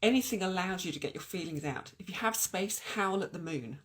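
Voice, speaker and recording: Earnest woman, voice going hoarse. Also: lowish voice, brisk. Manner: earnest, animated and encouraging, with many restarts. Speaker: spiritual teacher. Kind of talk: spiritual talk at an online event.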